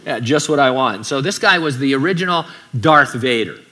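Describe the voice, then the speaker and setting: A man delivers a sermon in a bright, forward voice. He keeps it conversational and breaks in with joking asides, at a medium pitch. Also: animated, brisk. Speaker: pastor.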